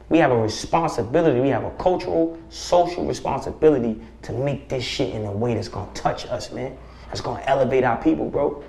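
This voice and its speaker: A man speaking as a podcast guest, preaching forcefully with profanity and rhetorical questions. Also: medium pitch, slight background noise. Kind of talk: impassioned podcast conversation. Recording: roomy echo.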